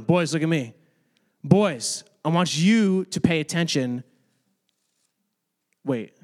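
A man giving a casual, chatty Bible lesson to a room of kids, talking to them directly. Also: fairly high pitch. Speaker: youth or kids' ministry teacher. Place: room with children.

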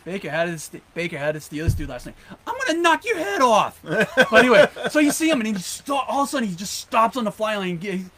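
Animated high-voiced guy telling stories. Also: fast, crowd noise. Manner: animated storyteller, rambling asides. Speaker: podcast co-host. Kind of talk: casual chat, storytelling.

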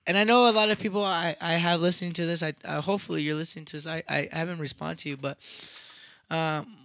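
A young man casually telling a rowdy story, profane and animated, acting out what people said. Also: on the high side, fast talker, creaky, dry recording. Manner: animated, profane, acts out quotes loudly.

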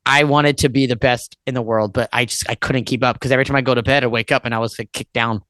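A man's voice: mid-range voice, fairly even intonation, quick pace, fairly bright tone, dry recording. A man in his thirties chats as a podcast guest, rambling from one memory to the next with plenty of "like" and cursing. The recording is dry and close, with no room sound. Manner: rambling, swears often, fills with "like". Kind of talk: casual podcast chat.

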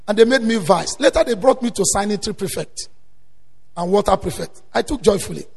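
A male preacher delivering a sermon, swinging between quiet storytelling and loud emphatic exhortation. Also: high-pitched, lively intonation, brisk, gravelly, husky. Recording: long hall reverb.

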